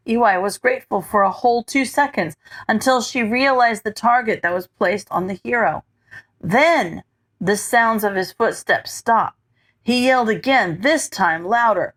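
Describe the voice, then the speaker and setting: A woman reading fan fiction aloud as scripted narration, measured and unhurried, with an occasional slip. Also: on the high side, a bit bright. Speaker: audiobook reader.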